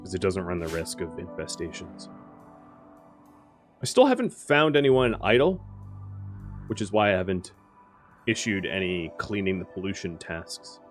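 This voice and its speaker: A man with a somewhat low voice talks through his strategy game as he plays. He explains the rules in an easy, rambling way, full of fillers, while faint music plays underneath. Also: very animated, normal speed, pauses often. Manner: thinking aloud, explanatory, with frequent fillers. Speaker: gaming video host. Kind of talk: casual game commentary.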